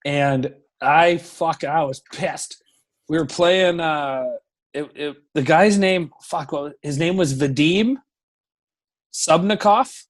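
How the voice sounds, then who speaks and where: A man in his thirties tells locker-room stories in a fairly high voice. He talks casually and profanely, and jumps into loud acted-out lines when he quotes the shouting. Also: slow pace. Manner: profane, animated storyteller who acts out shouting. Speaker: professional hockey goaltender, podcast guest. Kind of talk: casual storytelling interview.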